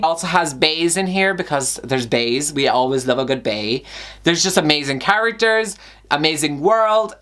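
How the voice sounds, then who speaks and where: A man's voice: on the high side, a bit bright. A young man chats through a book review vlog in an effusive, gushing way. He talks in a chatty style and often sighs between his thoughts. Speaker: book vlogger.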